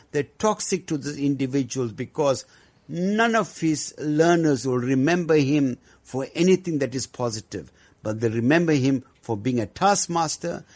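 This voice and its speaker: A man speaking as a guest about education, earnest and measured, with frequent pauses. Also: a little high, a little mellow. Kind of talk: discussion on education.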